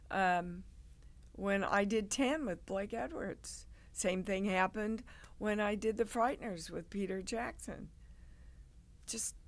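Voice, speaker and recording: A woman, a guest on an interview show, telling stories in an animated way and acting out the people in them. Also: mid-range voice. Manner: animated, acts out quoted people. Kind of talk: casual interview storytelling.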